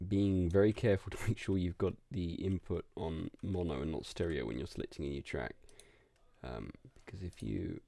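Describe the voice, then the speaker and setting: Deep-voiced man rambling in the studio. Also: normal speed, creaky, mellow. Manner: rambling, self-interrupting, repeats words. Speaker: music producer coaching a singer. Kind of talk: casual studio session feedback.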